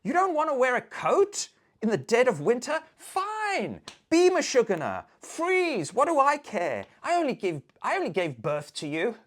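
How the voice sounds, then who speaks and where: A woman's voice: on the high side, huge pitch swings, unhurried, pitched above the performer's own voice, heavily acted. A woman putting on a nagging, guilt-tripping older mother. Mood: exasperated. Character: exasperated older Jewish mother scolding her child.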